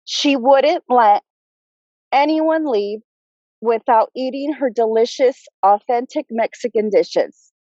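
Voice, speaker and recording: Woman, slow and choked up, soft mellow voice, muffled dry video-call audio, memorial tribute. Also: fairly high pitch, no echo. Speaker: family member giving a tribute. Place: outdoors at a cemetery graveside.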